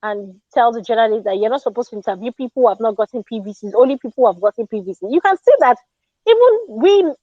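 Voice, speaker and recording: A Nigerian woman telling an indignant story in a casual, animated way, slipping into Pidgin. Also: on the high side, quick pace, no room sound, dull audio. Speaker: Twitter Space speaker.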